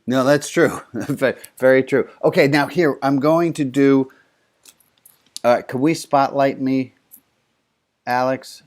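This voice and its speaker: A man's voice: mid-range voice, steady tone, takes it slowly, pauses often. A man leading an online service as rabbi, joking with participants and often restarting his sentences over a video call. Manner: warm, joking, stumbling restarts. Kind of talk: casual, interactive service talk.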